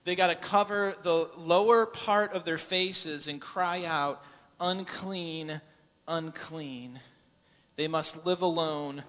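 A pastor preaching in a bright, high voice whose words ring out in a church hall with a long echo. He moves from quiet, solemn passages to loud, fervent calls. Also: fairly even intonation, a little slow, hardly any pauses, clear, resonant tone. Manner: builds to loud impassioned preaching. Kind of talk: sermon.

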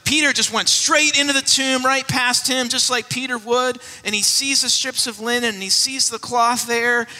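A pastor preaching to his congregation, a man who retells the scripture and gives each person in it a voice. His voice is high and strikingly bright. It rings out with the long reverb of a big hall. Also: steady tone, moderate pace, few pauses, faint music behind. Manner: storytelling, acts out the voices in the scripture. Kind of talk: sermon.

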